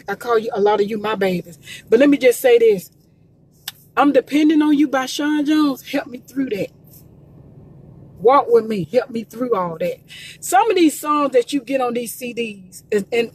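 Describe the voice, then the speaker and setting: Nearly in tears, a woman from Columbus, Georgia, speaks live on social media from a car by the road, promoting gospel quartet music. Her voice is a little high and husky, and her delivery is preachy, emphatic, and full of repetition.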